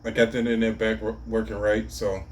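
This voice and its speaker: A man's voice: lowish voice, flat delivery, a little fast, slight background noise. A man casually commenting on a clip for a reaction video, laid-back and slangy.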